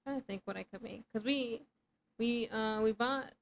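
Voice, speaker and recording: A woman in her thirties, streaming a game live and rambling to her chat. Her voice sits a little high, and she swears freely and pokes fun at herself. A faint hum of ambience sits under her talk. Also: moderate pace, gravelly, rough recording. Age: 30s. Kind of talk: casual live gameplay chat.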